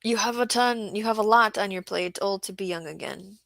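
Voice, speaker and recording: A woman's voice: medium pitch, brisk, creaky, a bit bright, dry recording. A woman hosting a casual livestream about market gardening, chatting and reading viewer comments aloud.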